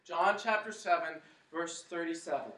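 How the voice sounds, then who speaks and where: A man's voice: a little high, normal speed, fairly bright tone. A man preaching a sermon to his congregation, telling the story dramatically and leading them in a chant. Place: church hall. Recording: echoey hall, mic at a distance.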